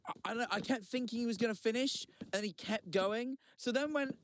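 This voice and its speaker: A man's voice: very high voice, fairly quick, a little hiss or hum. A man in casual chat, defending himself with stumbling restarts.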